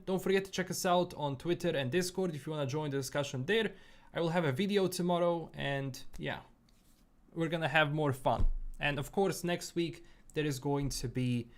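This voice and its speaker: Easygoing Bosnian-accented young man, fairly high voice. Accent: Bosnian-tinged English mixed with British and American sounds. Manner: easygoing, rambling, many fillers and repeats. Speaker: gaming streamer. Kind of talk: casual livestream chat answering viewers.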